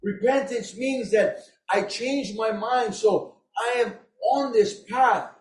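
High-voiced man preaching, roomy echo. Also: slow pace. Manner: impassioned, shouting at peaks, emotional. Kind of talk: sermon.

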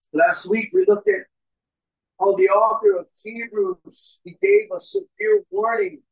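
A young man preaching a sermon as pastor, telling stories and swinging between loud and hushed delivery. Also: extremely high pitch, creaky, rough recording. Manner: storytelling, acts out crowd voices, swings between loud and hushed.

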